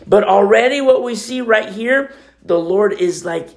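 A middle-aged man preaching a sermon in a conversational way, his voice swinging between loud emphasis and near-quiet asides. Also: sits high, lively intonation, a little slow. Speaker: pastor.

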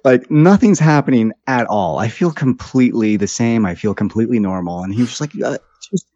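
A man, a podcast guest, telling a casual story with lively quoted asides and laughter. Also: mid-range voice, moderate pace, long pauses, no room sound, highs cut off.

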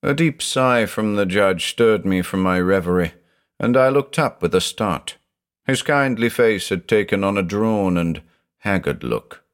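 A man narrating a short story aloud in a measured, dramatic storytelling manner. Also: on the low side, animated. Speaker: audiobook narrator.

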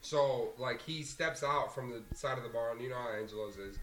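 Rambling, swearing bartender telling a story. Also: male voice, medium pitch, brisk, fairly bright tone, slight background noise, rough recording. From Argentina. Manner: rambling, heavy on fillers and swearing. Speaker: bartender, podcast guest. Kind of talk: casual storytelling.

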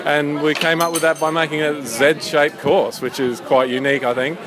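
Interviewed in a busy outdoor cafe after a run, a parkrun event organiser chats enthusiastically about his course while crowd chatter carries on behind him. His voice is on the high side, fairly flat in pitch, at a moderate pace.

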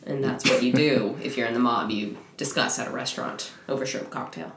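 A woman's voice: a bass voice, brisk, noisy background. Giggly woman in an echoey room. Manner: giggly, mocking, lively storytelling. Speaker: podcast co-host. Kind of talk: casual movie recap chat.

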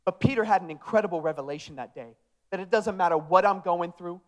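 High-voiced energetic young male pastor. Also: fast. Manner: energetic, acts out the disciples' dialogue. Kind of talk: sermon.

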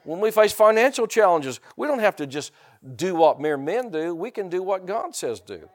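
A middle-aged man preaching in a loose, conversational style, his voice sitting a little high. He restarts and repeats words as he goes and keeps putting questions to the congregation. Now and then he flares up into loud bursts. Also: sing-song, normal speed. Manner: asks the congregation rhetorical questions. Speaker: pastor. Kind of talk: sermon.

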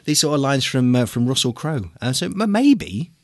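A man's voice: medium pitch, sing-song, normal speed, no echo, clean studio sound. Rambling man hosting a podcast. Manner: rambling, hesitant, full of restarts. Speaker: podcast host. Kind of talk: casual film podcast chat.

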